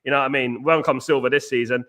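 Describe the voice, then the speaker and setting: A man's voice: medium pitch, steady tone, fast. A man hosting a live football watchalong, rambling, repeating himself and greeting viewers in the chat. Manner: rambling, repeats phrases, shouts out chat users. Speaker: watchalong host.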